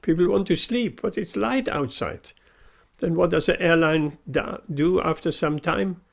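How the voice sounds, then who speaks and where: A man's voice: a little high, measured pace, gravelly. A man giving a devotional sermon, earnest and emphatic, repeating his key phrases. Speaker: preacher.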